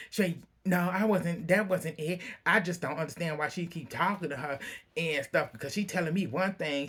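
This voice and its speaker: A man talking through a reality show episode in a loose, gossipy way. His delivery is chatty and full of slang, and his voice jumps up whenever he acts out what someone said. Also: fairly high pitch. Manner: animated storyteller who acts out quotes in a raised voice. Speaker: reality show recap vlogger. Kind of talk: casual gossipy recap.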